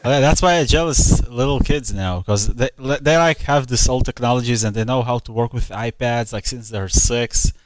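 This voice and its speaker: A man's voice: mid-range voice, normal speed, hardly any pauses, dry recording, rough recording. A man who is a guest in a casual chat, adding short jokes. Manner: short joking interjections.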